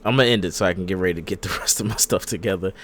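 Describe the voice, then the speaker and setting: A man's voice: sits low, rapid-fire, a little hiss or hum. A man hosting a casual wrestling podcast, laid-back and opinionated, joking as he makes his calls. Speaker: podcast host.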